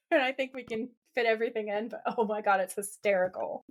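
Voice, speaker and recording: A woman's voice: a little high, fairly quick. A woman co-hosting a podcast, recapping a TV episode in casual chat with lots of laughter. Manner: giggly, animated, laughs often. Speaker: podcast co-host.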